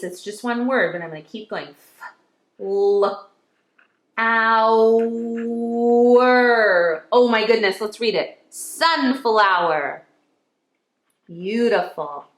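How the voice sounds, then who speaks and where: A woman's voice: medium pitch, fairly bright tone, reverberant. A woman teaching a phonics lesson to young children, cheerful and encouraging, stretching out sounds as she goes. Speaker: kindergarten teacher.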